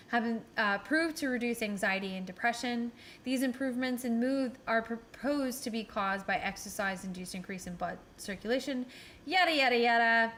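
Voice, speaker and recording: Swearing, blunt woman with a high voice. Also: a bit bright, slight background noise. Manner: blunt, swears often, laughs mid-sentence. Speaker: podcast co-host. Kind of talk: casual podcast chat.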